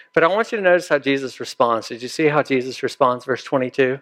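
A man's voice: medium pitch, fast, hardly any pauses, a bit bright. A male pastor preaching a sermon in a conversational way, often putting questions to his listeners.

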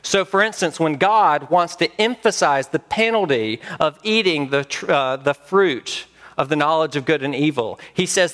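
A man preaching a sermon as pastor, emphatic with dramatic pauses. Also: a little high, lively intonation, fairly bright tone.

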